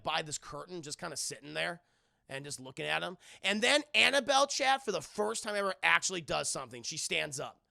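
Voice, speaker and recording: A man recapping a film to a live chat in a rambling, profane, animated way, with a gravelly voice. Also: a little high, no room sound, clean studio sound. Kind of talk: casual spoken film recap.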